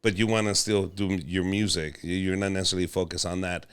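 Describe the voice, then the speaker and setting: A man hosting a casual podcast interview, his voice low and smooth. He jokes, swears freely and slips between English and Spanish mid-sentence. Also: little pitch movement, fast talker. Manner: joking, profane, switches between English and Spanish. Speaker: podcast host, comedian.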